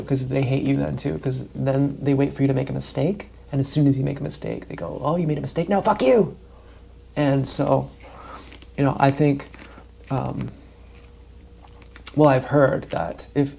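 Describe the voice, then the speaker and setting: A man talking straight to his livestream in a loose, wandering monologue, swearing freely and leaning hard on his points. His voice is gravelly with a dark, mellow tone. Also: medium pitch. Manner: profane, meandering, emphatic. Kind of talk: rambling casual monologue.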